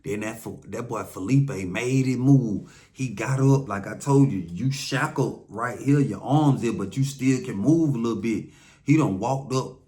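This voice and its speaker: A man's voice: medium pitch, measured pace. Profane Atlanta storyteller man. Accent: Southern American, Atlanta. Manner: loose, profane and conversational, with lively voiced quotes. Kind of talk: casual first-hand storytelling.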